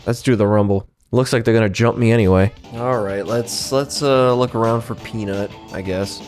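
A man's voice: fairly low pitch, moderate pace, darkish tone, soft background music. A young man giving casual, sarcastic gameplay commentary, swearing freely and chuckling to himself.

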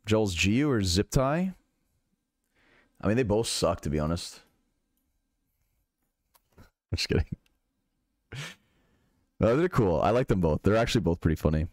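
A young male streamer with a low voice that swings widely and lively as he talks. He chats loosely with his viewers, swears without a second thought and answers their questions. The sound is close and dry, with no room around it. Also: no room sound. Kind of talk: casual chat reading out live chat.

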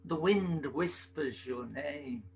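A man performing at an open mic over a video call, reading a poem softly and slowly, then chatting before a sung parody. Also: a little high, a little hiss or hum, low-quality recording. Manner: slow, soft-spoken delivery with gravelly fry.

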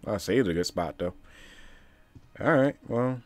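A man's voice: lowish voice, lively intonation, a little slow, dry recording. A man giving casual, profane commentary while playing a video game, grumbling and talking back to the game itself. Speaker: streamer.

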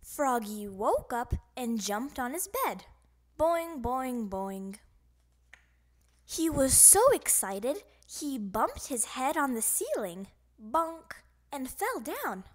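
Woman, children's audiobook reader, high animated delivery, slow pace. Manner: expressive, sound effects voiced. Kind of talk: children's storybook narration.

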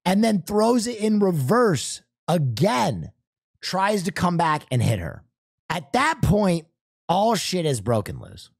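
A male streamer telling a story in casual chat, animated and profane, acting out sounds. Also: a little high, gravelly, husky, dry recording, clean studio sound.

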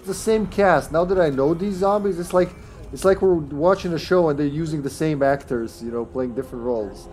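A man's voice: a little high, brisk, a little mellow. A man streaming a co-op video game, chatting casually, joking and laughing, sometimes putting on a mock British voice. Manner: jokey, laughs a lot, puts on a mock British voice. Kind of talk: casual gameplay chat.

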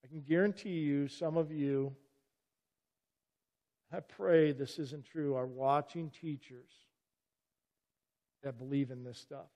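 A middle-aged man delivers an earnest sermon with a slightly higher pitch than most men. He presses his points emphatically and keeps calling his listeners back with "listen." His voice carries with a long reverb through a church sanctuary. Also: steady tone, takes it slowly, long pauses, mellow. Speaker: pastor.

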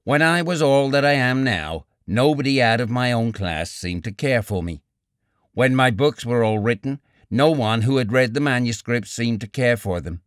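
A bitter young writer who lays out his argument in a cool, measured way, as a male audiobook narrator reads him. The voice sits at an ordinary male pitch, and the recording is dry and close. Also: lively intonation, clear, resonant tone, no echo, close to an everyday voice. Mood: reasoning. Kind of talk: audiobook character reading.

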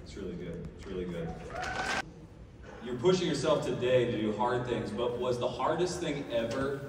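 A man in the middle of the usual pitch range asks soft-spoken, probing interview questions. He is far from the microphone, and his voice echoes through a long-reverberating hall with steady background noise. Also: moderate pace.

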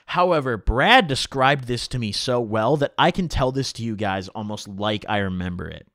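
A young man tells a story to his viewers in loose, slangy talk full of swearing. His pitch swings widely as he talks. He was recorded close to the mic in a dry room. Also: moderate pace, no echo. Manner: animated, slangy, swears freely. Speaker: vlogger. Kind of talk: casual storytelling vlog. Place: home room.

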